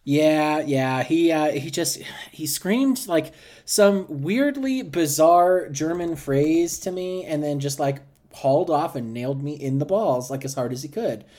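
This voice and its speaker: A man's voice: on the high side, animated, measured pace, a little mellow. A man co-hosting a casual podcast, telling stories sarcastically and swearing. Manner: storytelling, sarcastic, profane. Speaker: podcast co-host.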